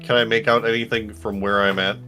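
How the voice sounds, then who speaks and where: A man playing a tabletop game, speaking in a halting, hesitant way. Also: on the low side, level tone, bright, forceful tone, faint music behind. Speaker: player.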